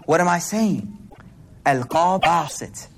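A man giving an informal religious talk, slangy and animated, swinging between hushed and loud. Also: on the high side, slow, creaky. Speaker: religious speaker. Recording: noisy recording with clicks.

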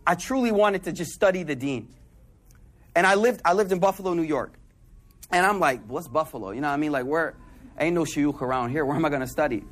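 Male preacher, high voice, conversational storytelling sermon, animated with quiet asides. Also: brisk.

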